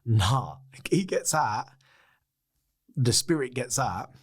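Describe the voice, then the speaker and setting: Man, 30s, podcast guest, animated storyteller, swears, mid-range voice. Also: mid-range voice, takes it slowly. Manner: swears freely, acts out other people's lines; animated, excitable retelling. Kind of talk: candid anecdotal storytelling.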